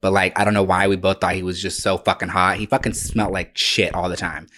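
A man co-hosting a podcast with a lowish voice, telling stories in a casual chat. He rambles and hesitates, restarting his sentences and swearing. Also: flat delivery, quick pace, bright, forceful tone. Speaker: podcast co-host.

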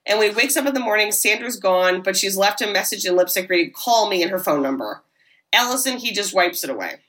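A woman's voice: mid-range voice, animated, fairly bright tone. Chatty woman recapping a film. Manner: chatty, many "like"s, quick asides. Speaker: podcast co-host. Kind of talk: casual recap of a horror film.

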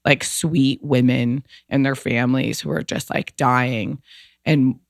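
A woman's voice: very deep voice, fairly even intonation, takes it slowly, gravelly, no room sound. Woman guest rambling through an emotional story, fillers everywhere, dry close mic. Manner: emotional, rambling, lots of "like" and restarts. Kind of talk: casual storytelling.

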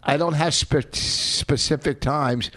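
A man's voice: fairly high pitch, takes it slowly, a bit bright. A middle-aged man co-hosting a podcast with his wife, teasing her in a mock-exasperated way. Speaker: podcast co-host. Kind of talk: casual bickering chat.

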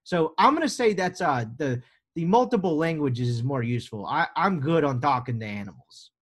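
A man's voice: on the high side, lively intonation, moderate pace, breathy edge. A young adult American man hosting a sports podcast in a casual, joking, rambling way. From United States. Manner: joking, rambling, sarcastic asides. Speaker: podcast host.

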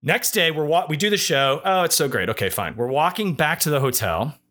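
A man from the Midwest hosts a comedy podcast, telling his story in an animated, jokey way with the odd curse. His voice sits a little high and swings widely in pitch, with a bright, forceful edge. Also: a little fast. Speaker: podcast host.

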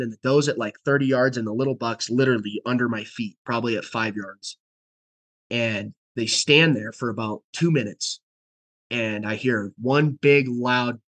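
A young man with a husky, slightly rough voice tells a story in relaxed, casual talk. He acts out the dialogue as he goes and drops into hushed whispers for the quiet moments. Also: mid-range voice. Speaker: podcast guest.

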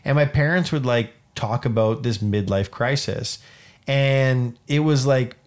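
A man's voice: mid-range voice, unhurried. A man in his thirties from Canada, co-hosting a podcast and telling a personal story in an earnest, rambling way with many restarts. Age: 30s. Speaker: podcast co-host. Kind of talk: casual chat.

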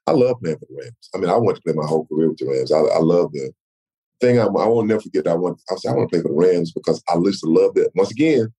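A man from Texas in his sixties, a retired football player telling animated stories in an interview. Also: deep voice, fast, slightly rough. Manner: animated storyteller, acts out quoted voices. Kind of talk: storytelling interview.

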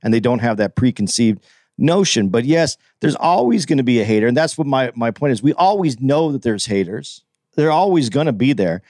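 A man co-hosting a casual podcast, talking haltingly and restarting as he reasons things out. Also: medium pitch, animated, darkish tone, no echo, studio quality. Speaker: podcast co-host. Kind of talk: casual chat.

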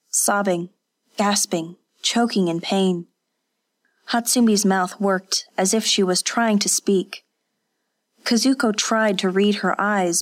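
Slow, measured woman narrator. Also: medium pitch. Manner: measured, unhurried. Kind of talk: audiobook narration.

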